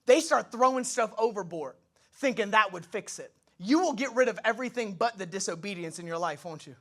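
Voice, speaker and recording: A male pastor delivers a sermon from a church stage, his voice high and full of swooping pitch. He talks to the crowd casually, breaks into asides and acts out little dialogues in shifting voices. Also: lively intonation, brisk, fairly bright tone. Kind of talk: energetic sermon.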